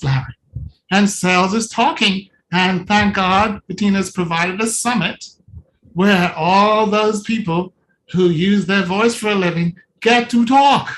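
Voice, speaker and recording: A lively coach talks through a video call, playful and animated and often acting out small scenes. The voice sits at a middle pitch. A faint hiss of noise runs under the speech. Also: poor audio. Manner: animated and playful, acts out little scenes while talking to a participant. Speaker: coach presenting at a virtual summit. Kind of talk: live video-call presentation.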